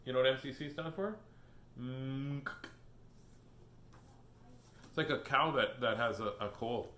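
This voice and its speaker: A man's voice: mid-range voice, unhurried, fairly bright tone, echoey room. A man reading a children's picture book aloud on video, joking between pages and doing silly animal voices.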